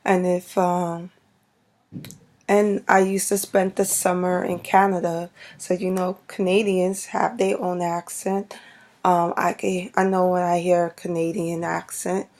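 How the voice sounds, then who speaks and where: Woman vlogger, Brooklyn accent; unhurried, rambling chat to camera, level pitch. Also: flat delivery, a little mellow. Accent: Brooklyn New York. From Brooklyn, New York. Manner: unhurried, rambling, many fillers. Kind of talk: casual talk to camera.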